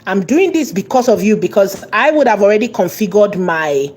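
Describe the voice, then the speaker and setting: A woman teaching an online course, repeating and stressing key words and slowing down as she dictates. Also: medium pitch, lively intonation, a little mellow, breathy edge. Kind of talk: tutorial lesson.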